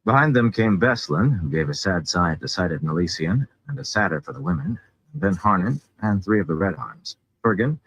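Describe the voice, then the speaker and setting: Low husky man reading aloud. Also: sing-song, fairly quick, fairly bright tone, dull audio. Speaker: audiobook reader. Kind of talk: reading a fantasy novel aloud.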